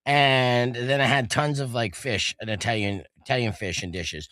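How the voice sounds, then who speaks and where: A man's voice: mid-range voice, fairly even intonation, normal speed, bright, forceful tone, no echo. A man hosting a radio talk show, chatting casually and loosely with many fillers. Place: radio studio. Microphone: studio mic.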